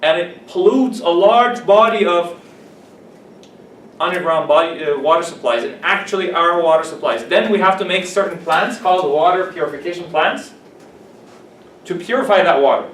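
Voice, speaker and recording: A man teaches English vocabulary, explaining terms and repeating key words to check the class follows. His voice sits a little high. It is recorded from the back of an echoey classroom with a faint hiss. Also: expressive, moderate pace, fairly bright tone, far from the mic. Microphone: camera at a distance.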